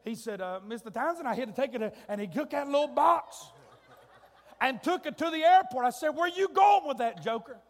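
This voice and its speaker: A man preaching a sermon, telling a comic family story in a folksy way, his voice rising to shouts and drawing out words for emphasis. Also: extremely high pitch, a little fast, creaky. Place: church sanctuary. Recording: long hall reverb.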